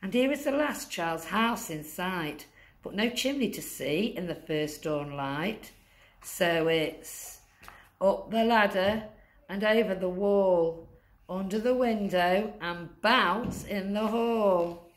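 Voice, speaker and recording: A woman reading a rhyming picture book aloud to children, rhythmic and deliberate, dropping low on the sound-effect words. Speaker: masked guest reader.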